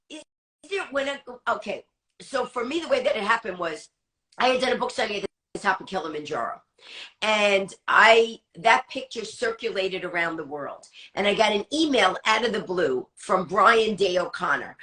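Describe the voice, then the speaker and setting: Bright, fast-talking woman comic. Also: on the high side. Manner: fast-talking, acts out quoted dialogue. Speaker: stand-up comic guest. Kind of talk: animated anecdote telling.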